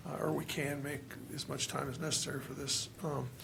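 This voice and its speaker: A male county commissioner speaking at a public hearing, frustrated and halting, with many restarts. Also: mid-range voice, level tone, gravelly, fairly bright tone, a little hiss or hum. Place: hearing room.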